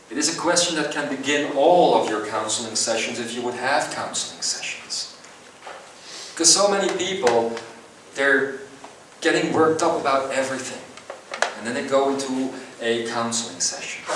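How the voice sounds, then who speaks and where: A man giving a live spiritual seminar talk, earnest and slow, with long pauses between phrases. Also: medium pitch, fairly bright tone, a little hiss or hum. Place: seminar hall. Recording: echoey hall recorded from far off.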